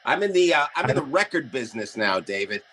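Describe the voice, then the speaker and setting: A man guest telling crude comic stories in a deadpan way, speaking over a video call. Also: medium pitch, slight background noise. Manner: crude deadpan jokes, animated, quick shifts into put-on voices. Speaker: comedian guest. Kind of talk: comedic rant in casual chat.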